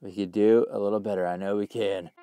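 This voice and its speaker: A young man giving casual gameplay commentary, full of slang, who often bursts into loud screams and laughter. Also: lowish voice, brisk. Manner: hyped, yells and screams when excited, slangy. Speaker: gaming YouTuber.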